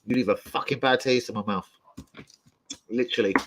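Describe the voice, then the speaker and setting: Brisk and medium-pitched, this young football fan channel host swears constantly while spinning loud, animated stories full of yelps and laughter. The casual chat carries a noisy background.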